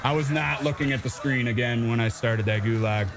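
A man's voice: mid-range voice, a little fast. A man live-streaming a shooter game, joking and swearing with his co-player and chat. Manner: joking, swearing, breaks into singing. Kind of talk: casual live-stream banter. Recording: game music behind voice.

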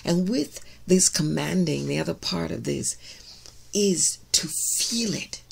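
A woman minister preaching a sermon in an emphatic, loud way. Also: low voice, lively intonation, takes it slowly, vocal fry, slightly rough. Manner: emphatic, says she is loud, shouts key words.

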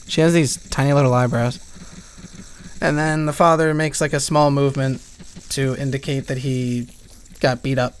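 A man's voice: medium pitch, fairly even intonation, moderate pace, a little hiss or hum. A man giving rambling, sarcastic gameplay commentary, swearing freely at his viewers. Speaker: let's play commentator.

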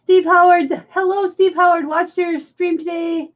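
High-voiced lady painting live at home, laughs a lot, teases herself, kinda muffled lo-fi audio. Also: level tone, measured pace. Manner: laughs often, self-mocking, chatty, talks to viewers. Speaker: live-stream art host. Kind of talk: casual live-stream chat while painting. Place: home art room with carpet. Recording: dull lo-fi stream audio.

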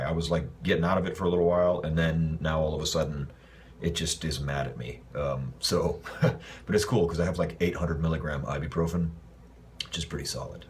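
A man from Los Angeles casually answering fan messages in a livestream, rambling and relaxed with lots of fillers. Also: very deep voice, a little hiss or hum. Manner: laid-back, rambling, loose with fillers. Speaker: actor answering fans.

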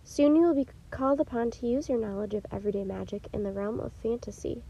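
A woman reading aloud who voices a gentle, wise enchantress in a calm, measured way, softly and a little solemnly. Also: fairly high pitch, gravelly, husky, highs cut off.

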